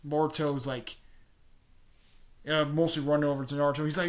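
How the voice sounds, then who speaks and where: A man's voice: fairly high pitch, steady tone, quick pace. A man casually retelling a fan story, rambling with many fillers and restarts.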